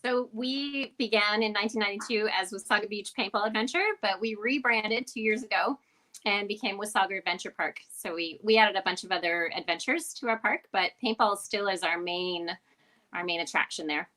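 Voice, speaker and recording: Canadian woman park owner, guest on a video call, bright clear voice, friendly. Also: medium pitch, a little fast, rough recording. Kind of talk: casual video-call interview.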